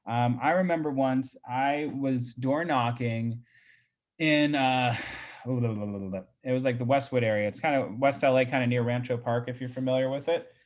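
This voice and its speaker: A man's voice: mid-range voice, measured pace. A man, a real estate agent, telling a story in a chatty way on a video call, full of fillers and restarts. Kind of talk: casual coaching talk on a video call.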